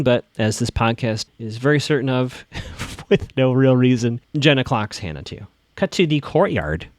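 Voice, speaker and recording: A man's voice: mid-range voice, no room sound. Chatty man recapping a TV episode, dry sound. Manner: chatty, theorizing, quotes lines in a flat voice. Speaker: podcast host recapping a TV episode. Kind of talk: casual recap and commentary.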